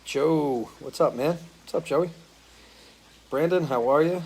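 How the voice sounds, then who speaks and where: A middle-aged man from the US Northeast, a musician hosting a relaxed live stream from a porch, greeting viewers by name one after another, his voice a bit worn from singing. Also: a little high, a little slow, husky. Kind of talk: casual chat greeting viewers. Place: porch at home.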